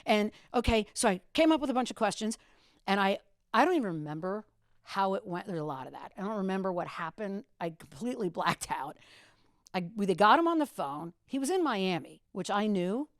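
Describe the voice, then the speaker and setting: Woman, fifties, veteran radio host, mid-pitch, dry close sound, lively storyteller who acts out quotes. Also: brisk, dry recording. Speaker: radio host as podcast guest. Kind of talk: casual storytelling chat.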